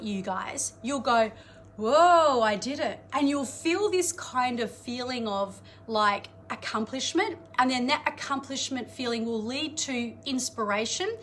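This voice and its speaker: A woman, coaching an audience in a chatty, energetic live-streamed motivational talk, greeting viewers and laughing often. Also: high-pitched, slight background noise. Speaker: life coach.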